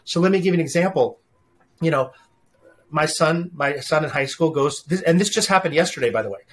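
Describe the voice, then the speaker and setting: A middle-aged man being interviewed as a leadership speaker, telling animated family anecdotes with frequent restarts. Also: a little high, fairly quick, slight background noise. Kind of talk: conversational interview storytelling.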